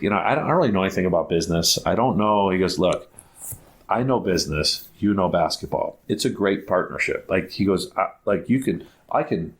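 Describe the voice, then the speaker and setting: A middle-aged man, a guest on a podcast, telling a casual rambling story full of "like" and restarts, acting out the dialogue he quotes. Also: low voice. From Ohio, United States. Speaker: guest, basketball academy founder.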